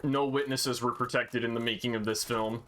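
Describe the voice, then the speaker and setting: A man's voice: mid-range voice, fairly even intonation, moderate pace, fairly bright tone. A man streaming a video game, chatting casually with lots of swearing and mock indignation. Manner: profane, joking, mock-indignant. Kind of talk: casual gaming chat.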